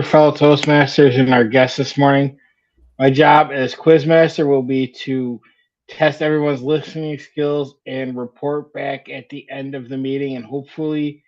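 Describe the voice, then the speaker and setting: A man delivers a brief, formal report as the meeting's quiz master. He speaks steadily in a flat, even tone. The audio is dull and lo-fi. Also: mid-range voice.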